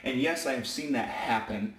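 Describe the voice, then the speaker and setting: A man who works as a high school basketball referee, telling stories casually in a rambling way and often correcting himself. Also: normal speed, a bit bright, recorded from a distance. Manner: rambling, self-correcting, with many fillers. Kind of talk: casual storytelling vlog. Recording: roomy echo, away from the mic.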